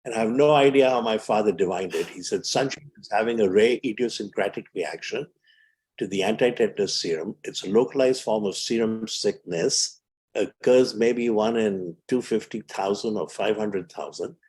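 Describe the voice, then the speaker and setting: A man's voice: on the low side, normal speed, a little mellow. Older man telling stories. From India. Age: 70s. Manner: vivid storyteller who acts out quoted voices. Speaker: physician guest. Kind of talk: storytelling in a podcast interview.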